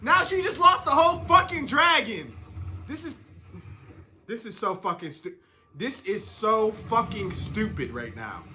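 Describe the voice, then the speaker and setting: A man's voice: sits high, sing-song, unhurried, sharp tone. Exasperated man ranting at a TV show. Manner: exasperated, profane ranting at the screen. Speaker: reaction channel co-host. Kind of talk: reacting to a TV episode. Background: show soundtrack music playing.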